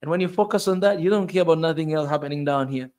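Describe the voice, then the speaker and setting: A man's voice: on the high side, quick pace, darkish tone. A man in his forties, a video host giving a fervent, preachy motivational talk and repeating phrases for emphasis. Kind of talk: impassioned motivational monologue.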